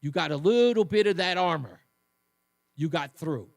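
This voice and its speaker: A man's voice: lively intonation, normal speed, vocal fry, no echo, studio quality. A man hosting a talk radio show, delivering a fiery, mocking monologue and taking callers. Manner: fiery, mocking, mimics others in shrill voices. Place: radio studio.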